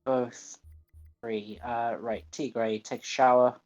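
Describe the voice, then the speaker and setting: A man with a Northern English accent talks his way through a game on a livestream, unhurried and steady, half to himself as he reads out menu choices. His voice sits at an ordinary middle pitch, and the recording is a little dull and muffled. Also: faint music behind. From northern England. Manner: mutters to himself, reading game menus aloud. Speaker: gaming streamer. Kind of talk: live gameplay commentary.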